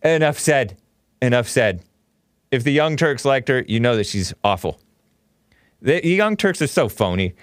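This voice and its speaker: A man's voice: mid-range voice, very animated, moderate pace, dry recording, studio quality. A man hosting a talk show, delivering an opinionated, sarcastic monologue and laughing often at his own remarks.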